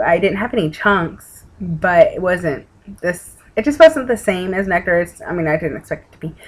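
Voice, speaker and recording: A woman's voice: on the low side, poor audio. A woman with a Texan accent, tired and yawning, chatting casually to camera from home in a rambling way with the odd swear. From Texas. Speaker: weight-loss vlogger. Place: home room with an open window. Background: outside noise through the window.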